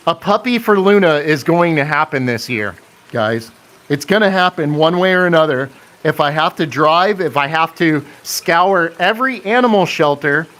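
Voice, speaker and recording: Slow-talking man hosting a live stream. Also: fairly high pitch, fairly bright tone. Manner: chatty, reads and answers viewer comments, laughs often. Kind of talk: casual live stream chat.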